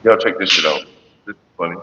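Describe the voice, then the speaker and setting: Loud, crude man telling raunchy stories. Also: sits low, fast talker, husky, big-room sound, highs cut off. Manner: loud, profane, jumps into mocking voices and sings snatches. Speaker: livestream host. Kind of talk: crude casual storytelling.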